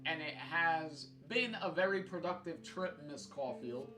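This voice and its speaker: A streamer reading out the lines of a brisk, businesslike adult woman art agent in a low, quiet voice, with fillers. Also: natural voice. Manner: reads the lines flatly with fillers. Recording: roomy sound with guitar music.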